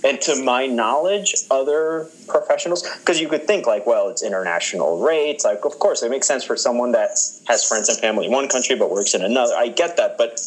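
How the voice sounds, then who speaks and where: A man's voice: medium pitch, brisk, few pauses, rough recording. A man co-hosting a podcast in casual chat, rambling with amused asides. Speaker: podcast co-host.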